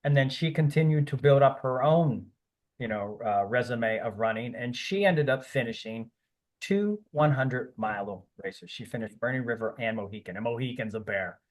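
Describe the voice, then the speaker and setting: A man's voice: medium pitch, normal speed. A man talking as a podcast guest, rambling and encouraging, with many fillers and restarts. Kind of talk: casual interview talk.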